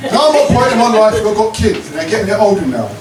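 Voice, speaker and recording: Cheeky high-voiced comic. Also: male voice, very animated, racing, loud music behind the voice. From Croydon, South London. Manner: cheeky, punchy, leads call-and-response. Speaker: stand-up comedian. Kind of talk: stand-up routine with crowd work. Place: comedy club stage with a live audience. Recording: roomy live club sound, distant mic, noisy.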